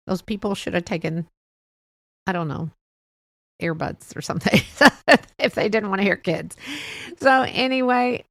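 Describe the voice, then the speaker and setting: A woman's voice: fairly low pitch, fairly bright tone, no room sound. Older woman, podcast host, rambling storyteller, laughs a lot, dry close mic. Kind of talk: casual monologue.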